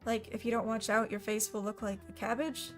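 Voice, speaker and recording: A deadpan, overly logical young boy, every line level and literal, pitched a bit high, as a woman reads him aloud. His speech stays solemn and matter-of-fact, with faint music underneath the storybook narration. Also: a little fast, close to an everyday voice. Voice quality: flat deadpan delivery. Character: solemn, hyper-logical schoolboy, flat and literal. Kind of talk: audiobook character voice.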